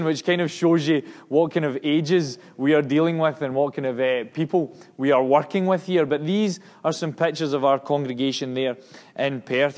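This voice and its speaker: A man with a Scottish accent giving a sermon and mission report to a congregation, earnest and emphatic, often restarting his words. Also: on the high side. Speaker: missionary preacher.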